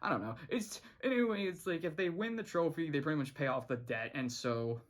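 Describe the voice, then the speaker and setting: A person casually reviewing a cartoon episode for a vlog. They ramble with many restarts and fillers, laugh often, and jump up in pitch when amused. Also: animated, fairly quick.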